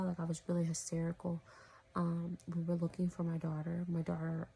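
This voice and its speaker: Woman vlogger, low husky gravelly voice, flat delivery, rambling, drifts into whispers. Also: a little fast. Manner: rambling, full of "you know" and "like", often drops to a whisper. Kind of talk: casual storytelling to camera.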